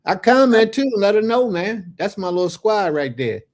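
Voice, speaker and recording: A man hosting a religious livestream, animated and folksy, giving blessings and chatting with his viewers. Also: sits high, moderate pace. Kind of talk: casual livestream chat.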